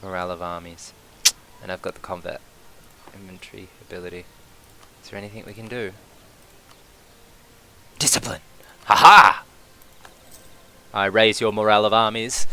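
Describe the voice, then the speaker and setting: Let's-play commentator: man, bright, excitable, casually profane, thinks aloud. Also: lowish voice, slight background noise. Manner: swears casually. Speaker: gameplay commentator.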